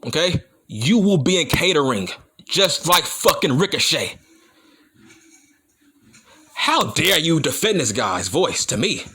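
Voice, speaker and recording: A man's voice: a little high, sing-song, slow pace, long pauses, pushed and bright. A man ranting about wrestling to his viewers in a heated, profane way, repeating his points for emphasis. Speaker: wrestling YouTuber. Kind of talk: profane opinion rant to camera.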